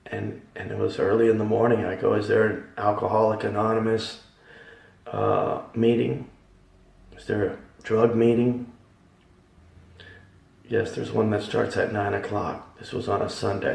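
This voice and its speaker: A man giving a dramatic Christian testimony, emphatic, swinging from hushed tones to loud ones. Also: lowish voice, fairly even intonation, normal speed, gravelly. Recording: echoey hall, voice from far off.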